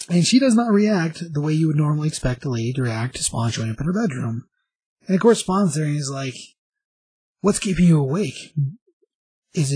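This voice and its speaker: A man's voice: medium pitch, a little mellow, husky, dry recording, low-quality recording. A man giving a casual, rambling recap of a show's plot, with plenty of informal fillers. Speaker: vlogger recapping a show.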